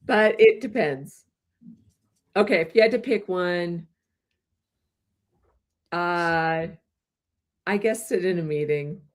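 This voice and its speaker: A woman co-hosting a casual podcast chat, relaxed and easy to laugh, reading questions aloud. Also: fairly low pitch, slow, pauses often. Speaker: co-host.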